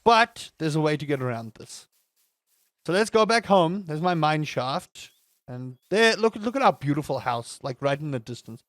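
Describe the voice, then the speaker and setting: Man, gaming commentary, playful and jokey, slightly high voice. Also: lively intonation, normal speed, fairly bright tone, no room sound. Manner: playful, chatty, jokey wordplay. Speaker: gaming host. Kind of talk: let's play commentary.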